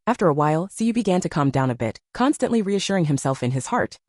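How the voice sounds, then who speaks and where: A woman's voice: on the low side, lively intonation, quick pace, hardly any pauses, darkish tone, no echo, clean studio sound. A woman narrating a romance novel in a scripted storytelling manner.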